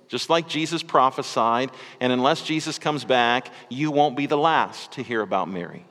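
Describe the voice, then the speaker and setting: A man preaching in a relaxed, conversational way, stumbling over a word now and then and tossing in asides to his listeners. His mid-pitched voice carries a long reverb from the church hall around him. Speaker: pastor. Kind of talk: sermon.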